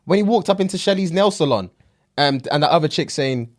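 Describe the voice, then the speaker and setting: A man co-hosting a casual podcast chat, laughing often as he tells animated stories. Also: on the high side, a little fast. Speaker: podcast co-host.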